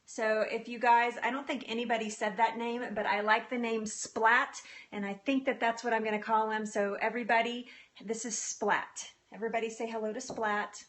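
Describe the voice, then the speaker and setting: A woman's voice: a little high, little pitch movement, moderate pace, fairly bright tone. A woman hosting a casual live baking demonstration from her small home kitchen. She is bubbly and chatty, laughs often, greets viewers as they join, and keeps stopping to correct herself. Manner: flustered, with frequent restarts and self-corrections. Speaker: host of a live baking demo.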